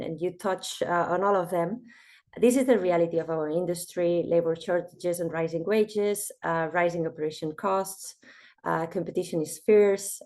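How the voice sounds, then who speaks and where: A woman with a croaky voice from a cold, giving a webinar presentation and speaking directly to her listeners. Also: lowish voice, a little mellow. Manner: storytelling, addresses listeners directly.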